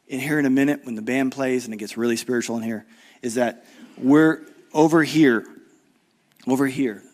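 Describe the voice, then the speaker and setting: A middle-aged man preaching a conference sermon, swinging from loud urgent emphasis to low hushed appeals and acting out the voices of people in the story. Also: normal speed. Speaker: guest preacher.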